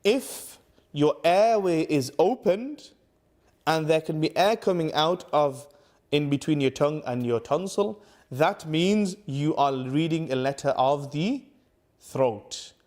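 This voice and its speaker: A man teaching Quran recitation to camera, patiently repeating letter sounds slowly for the viewer. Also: on the high side, expressive, a little mellow. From United Kingdom. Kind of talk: tajweed lesson to camera.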